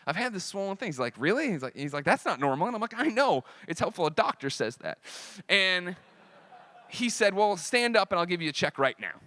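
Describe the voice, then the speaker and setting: A man in his thirties telling a personal story to a convention audience, animated and profane, acting out what other people said. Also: a little high, no echo.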